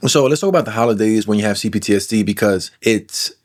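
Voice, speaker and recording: A man's voice: fairly low pitch, a little fast. A man talking casually to camera, sarcastic and self-deprecating, swearing freely. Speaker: trauma-recovery content creator. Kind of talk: casual direct-to-camera talk.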